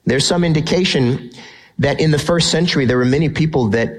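A male pastor delivering a sermon with emphatic conviction. His voice sits a little higher than most men's, and he slows right down to stress the words that matter. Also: husky, rough recording. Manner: emphatic, builds tension, slows down for key phrases.

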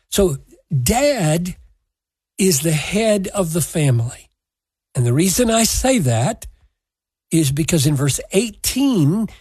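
Brief: male Bible teacher, slow, deliberate, husky, dry close mic. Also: high voice, darkish tone, no room sound. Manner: measured, emphatic, deliberate.

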